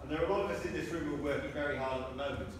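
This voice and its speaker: Man at a rally, earnest and emphatic, slightly high voice, echoey hall mic from afar, noisy. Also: very fast, recorded from a distance. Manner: earnest, emphatic, with asides to the crowd. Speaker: member of parliament giving a speech. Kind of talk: rally speech. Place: large echoing public hall.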